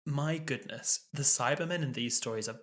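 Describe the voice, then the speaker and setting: A man's voice: mid-range voice, moderate pace, a bit bright. A man in his twenties co-hosting a podcast, chatty and rambling in casual conversation. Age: 20s. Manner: chatty, rambling with many fillers. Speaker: podcast co-host. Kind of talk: casual chat.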